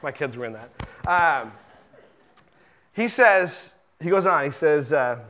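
A middle-aged man preaching a sermon in a relaxed, conversational way, often repeating words and acting out the lines he quotes. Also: fairly high pitch, takes it slowly, long pauses. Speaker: pastor.

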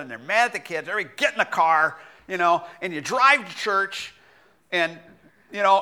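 Animated, bright-voiced male pastor preaching. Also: a little high. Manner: animated and self-deprecating, with laughs and repeated restarts. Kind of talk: sermon.

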